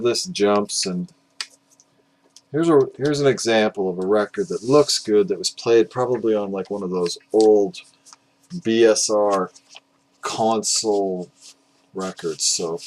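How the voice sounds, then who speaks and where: A man's voice: lowish voice, takes it slowly, pauses often, a little hiss or hum. A tired, middle-aged man rambling casually in a self-deprecating way, filled with "uh"s, while presenting records for his vinyl collecting video. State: exhausted, up at five in the morning.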